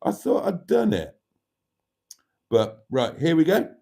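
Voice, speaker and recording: A man's voice: fairly high pitch, big pitch swings, slow, warm tone. A man hosting a casual livestream, reading out viewer comments and laughing heartily. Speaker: livestream host.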